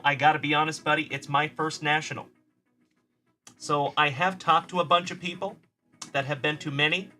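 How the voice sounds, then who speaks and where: A man's voice: on the high side, pushed and bright. A man hosting a card-breaking livestream, chatting in a friendly, upbeat way with viewers and calling them buddy and brother. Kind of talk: live stream chat, reading viewer comments.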